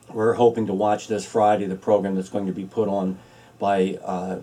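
Man, pastor, sermon, earnest storytelling, dark warm tone, distant mic. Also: on the low side. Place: church, filmed for online video.

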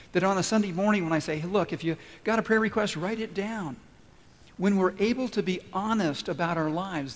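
Earnest male pastor in a reverberant sanctuary. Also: sits high. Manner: earnest, encouraging, with deliberate pauses. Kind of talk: sermon. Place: church sanctuary.

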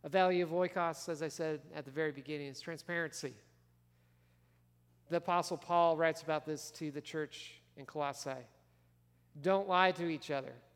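A man's voice: a little high, steady tone, normal speed, clear, resonant tone. Man preaching in an echoing church hall. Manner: conversational preaching, asks the congregation questions. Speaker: pastor. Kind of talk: sermon. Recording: long reverb of a large church hall.

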